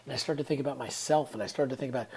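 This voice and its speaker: A man's voice: mid-range voice, rapid-fire, darkish tone, slightly rough. A man, telling a personal story in an earnest, reflective way and often dropping into whispered asides. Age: 30s. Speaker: vlogger.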